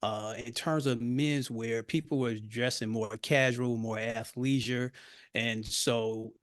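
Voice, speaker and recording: A man's voice: medium pitch, fairly even intonation, slow pace, no room sound, clean studio sound. Easygoing Southern man with a drawl. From Florida. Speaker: podcast guest, fitness coach. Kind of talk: casual interview chat.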